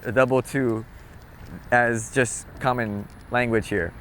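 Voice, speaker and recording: A man from Hawaii with a Hawaiian accent, casually explaining local phrases in a relaxed, chatty vlog. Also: slow pace, slight background noise. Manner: relaxed, chatty, demonstrates phrases with playful low tones. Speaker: vlogger.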